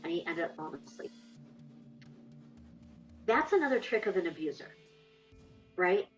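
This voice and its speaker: Woman giving candid testimony, low voice. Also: very animated, moderate pace, lo-fi sound, soft background music. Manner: candid, reenacts dialogue. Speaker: interviewee. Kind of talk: personal testimony.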